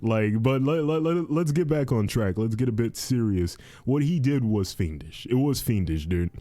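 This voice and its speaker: A man's voice: medium pitch, normal speed, no room sound. A young man hosting a casual podcast, commenting on advice posts, repeating himself a lot and often saying "dude". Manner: repetitive, animated, says "dude" and "fiendish".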